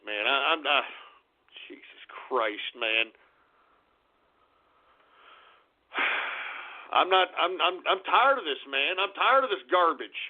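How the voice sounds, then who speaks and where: A man's voice: a little high, natural voice. A man playing a hot-tempered old radio host and war veteran, who launches into explosive, cursing tirades at his listeners. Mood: weary. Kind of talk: comedic radio character rant. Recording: tinny phone-like call-in radio line.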